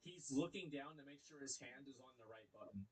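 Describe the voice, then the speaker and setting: A man's voice: mid-range voice, lively intonation, brisk, low-quality recording. A man streaming, reacting to clips with mocking, incredulous casual commentary.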